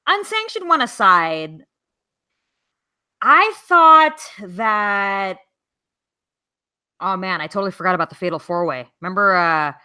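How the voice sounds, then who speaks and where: A woman hosting a podcast in casual chat, animated, swearing and laughing often. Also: medium pitch, unhurried, pauses often, smooth, dry recording, studio quality. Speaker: podcast host.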